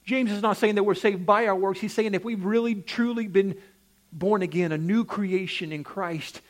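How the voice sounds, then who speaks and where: A man's voice: high-pitched, normal speed. A male preacher delivering a sermon, with an emphatic preaching cadence that rises and falls, often putting direct questions to the congregation.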